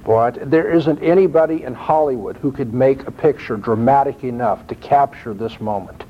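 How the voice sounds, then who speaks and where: A man preaching a sermon, quoting scripture and climbing in pitch to stress his points. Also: normal speed, slight background noise. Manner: expressive, rising emphasis when quoting scripture. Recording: dull lo-fi recording.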